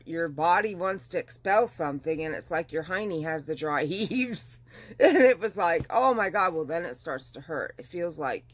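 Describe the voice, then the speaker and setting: A middle-aged woman vlogging at home in a casual chat, chatty and animated, getting over the flu. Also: low voice, no echo. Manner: chatty and animated, dramatic retelling. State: recovering from flu. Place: at home, windows open.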